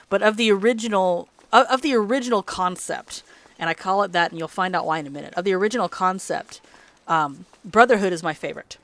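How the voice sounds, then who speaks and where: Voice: mid-range voice, bright, forceful tone, clean tone, no echo. A let's play host rambling in casual gameplay commentary, chatty and laughing often, sleepy and yawning late at night.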